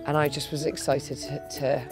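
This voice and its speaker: A woman's voice: sits low, flat delivery, moderate pace, music in the background. A woman co-presenting a travel webisode, speaking earnestly and emotionally in casual chat.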